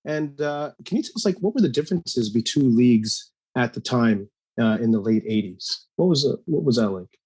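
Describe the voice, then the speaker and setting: A man's voice: medium pitch, lively intonation, moderate pace, few pauses, darkish tone, slightly rough, low-quality recording. A man co-hosting a sports talk show, asking a guest questions with many fillers and restarts. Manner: hesitant, filler-heavy questions. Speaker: podcast co-host. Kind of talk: casual interview questions.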